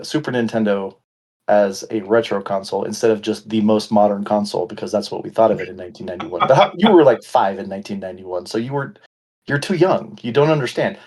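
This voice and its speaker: A man's voice: lowish voice, a little mellow. A man in his forties co-hosting a podcast, chatting casually and ranting with playful mock indignation. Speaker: podcast co-host. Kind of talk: casual chat.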